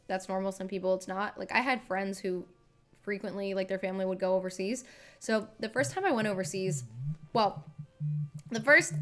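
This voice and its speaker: A woman's voice: mid-range voice, fairly bright tone. A young woman, a singer, chatting casually on a live stream into a desk microphone, rambling with lots of filler words.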